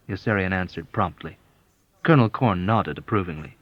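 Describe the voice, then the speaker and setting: A man narrating an unabridged audiobook in a measured, expressive storytelling manner. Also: deep voice, no echo. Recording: dull, dry lo-fi audiobook.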